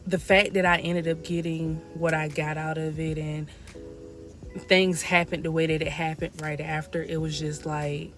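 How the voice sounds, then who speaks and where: A woman's voice: sits low, flat delivery, normal speed. A woman vlogging from her parked car in a loose, rambling way, with a habit of repeating "like I said.". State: out of breath. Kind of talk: casual talk to camera.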